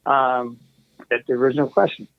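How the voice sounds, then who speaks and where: A man's voice: medium pitch, fairly even intonation, fairly quick, dry recording. A man guesting as a recording engineer, telling casual stories in a meandering way, full of asides and restarts. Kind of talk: casual anecdotal storytelling. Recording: tinny phone-like call line.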